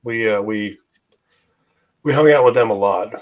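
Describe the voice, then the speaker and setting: A man, a guest in a casual chat, whose voice is going hoarse and who rambles with many fillers and restarts. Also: on the low side, unhurried. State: losing his voice.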